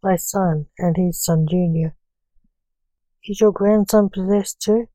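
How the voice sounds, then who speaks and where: Slow, dark-toned woman reading a story. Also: lowish voice, steady tone, dry recording. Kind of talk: read-aloud story narration.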